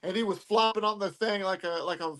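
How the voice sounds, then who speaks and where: A man's voice: high-pitched, steady tone, a little fast, fairly bright tone, low-quality recording. A man from Texas, a wrestling promotion owner talking cocky and brash, barking "What?" between his lines. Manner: cocky, interjects "What?" again and again.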